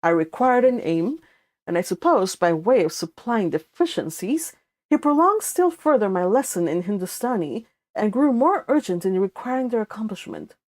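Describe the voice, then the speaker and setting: A young woman with a Spanish accent reads a classic novel aloud at a calm, unhurried pace. Her voice sits in an ordinary middle register for a woman. She keeps a plain, even reading voice and pauses now and then to correct a slip. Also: mid-range voice. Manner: unhurried reading, breaking off for casual asides and corrections. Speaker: audiobook reader.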